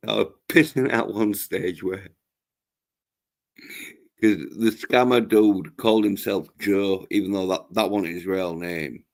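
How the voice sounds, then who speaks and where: Brief: male livestream host, unhurried drawl, crude and rambling. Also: on the low side, steady tone, creaky. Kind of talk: casual chat.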